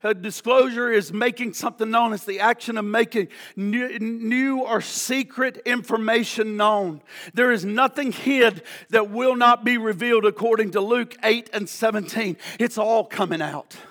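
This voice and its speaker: A male pastor preaching a sermon, slow and drawn out, swinging from hushed tones to shouting, repeating key lines for emphasis. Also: sits high.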